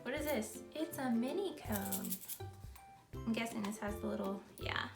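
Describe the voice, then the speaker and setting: A young woman with a high, bright voice gushes and giggles over cute toys as she unboxes them. She coos at each one. Her voice rings a little in an echoey room, with faint music underneath. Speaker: YouTube vlogger. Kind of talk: toy unboxing vlog.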